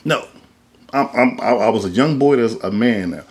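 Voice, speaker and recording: A man's voice: mid-range voice, lively intonation, normal speed. A man hosting a podcast, talking in a casual but sermon-like way, emphatic and colloquial. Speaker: podcast host. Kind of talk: casual preachy monologue.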